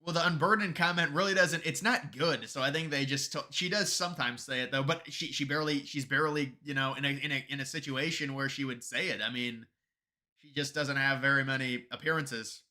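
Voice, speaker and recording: A man hosts a casual live stream, his voice very bright and forceful at an even, middling pitch. He rambles and restarts, dropping sarcastic asides. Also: brisk. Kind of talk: casual political commentary stream.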